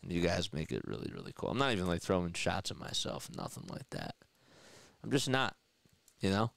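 A man hosting a casual live-stream play-by-play of a baseball game, chatting with his viewers between pitches. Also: wildly swooping pitch, brisk, creaky, fairly bright tone, no room sound. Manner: chatty, talks to his chat audience.

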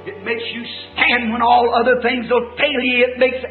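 High-voiced man preaching fervently. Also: fairly even intonation, moderate pace, few pauses, soft background music. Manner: fervent preaching, swinging from quiet lows to sudden shouts. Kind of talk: sermon. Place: church meeting. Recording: lo-fi old phone-like recording in an echoey hall.

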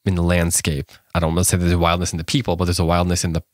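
A man's voice: deep voice, monotone, racing, no room sound, clean studio sound. A man hosting a podcast, reading a poem aloud and talking it through in an earnest, thoughtful way. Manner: earnest, thoughtful, with frequent ums and restarts. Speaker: podcast host. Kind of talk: poetry reading and reflective commentary.

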